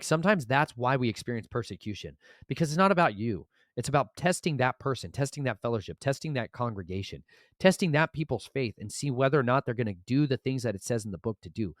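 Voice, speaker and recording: A man telling a story fast in a casual vlog, acting out what people said and getting preachy about scripture. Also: mid-range voice, no room sound, studio quality. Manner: fast, animated storytelling with quoted dialogue. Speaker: vlogger and author.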